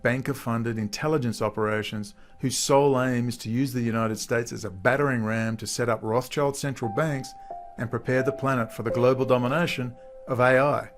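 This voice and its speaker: Mocking male commentator over music. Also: medium pitch. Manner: mocking, laughs at what he reads. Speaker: political commentator. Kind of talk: commentary reading news quotes.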